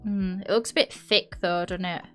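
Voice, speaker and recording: A woman's voice: fairly low pitch, fairly even intonation, moderate pace, fairly bright tone, soft background music. A woman with a Yorkshire accent chatting casually while streaming a building game, rambling and often correcting herself. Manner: rambling, chatty, frequent laughs and self-corrections. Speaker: live streamer.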